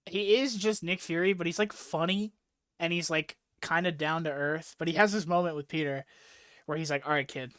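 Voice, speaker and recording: A young man with a somewhat high voice rambles through a comic-book recap, swearing freely and leaning on "like". The sound is close and dry, with no room echo. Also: fairly even intonation, moderate pace, fairly bright tone, clean tone. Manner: rambling, profane, laughing recap with lots of "like". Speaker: podcast host recapping a comic. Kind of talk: casual chat.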